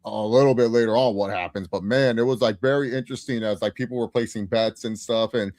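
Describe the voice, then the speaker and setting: A man's voice: medium pitch, steady tone, fast, a little mellow, no echo. A man co-hosting a podcast, chatting casually about a TV episode with an enthusiastic, self-congratulating manner. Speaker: podcast co-host. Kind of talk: casual TV episode recap chat.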